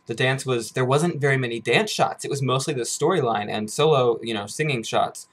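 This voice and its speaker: A young man from the United States reacting to a music video on his vlog, gushing with loud bursts and hushed awe. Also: mid-range voice, moderate pace. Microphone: headphones on, camera mic.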